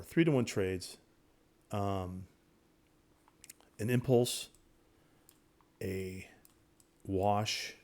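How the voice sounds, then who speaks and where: A man teaching day trading over his charts in a casual, excitable way, repeating himself and talking straight to viewers. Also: on the low side. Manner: excitable, repetitive, talks to viewers directly. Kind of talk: casual screen-share trading lesson.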